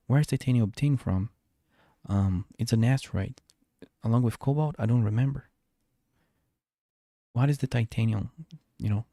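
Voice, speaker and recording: A man's voice: mid-range voice, normal speed, pauses often, mellow, dry recording, studio quality. A man streaming a space game, talking to himself in a rambling way with many restarts. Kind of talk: live gameplay commentary. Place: home.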